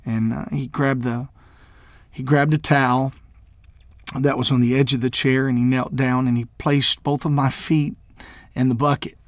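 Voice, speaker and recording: A Mississippi minister shares his personal testimony haltingly, full of fillers and restarts, and at times he becomes emotional and tearful. His voice sits at medium pitch with a flat delivery, recorded dry with studio quality.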